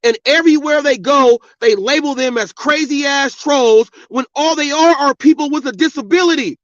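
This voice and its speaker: A man with a strikingly high voice rants at length, swearing freely and lecturing his listeners. The sound is dry and dull, like a lo-fi home recording with no room around it. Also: normal speed, fairly bright tone, no room sound. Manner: angry, profane, preachy. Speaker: podcast host. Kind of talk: ranting monologue.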